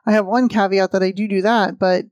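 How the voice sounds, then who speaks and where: A woman's voice: medium pitch, steady tone, brisk, a little mellow, no echo. A woman talking in a casual podcast discussion, chatty and self-deprecating.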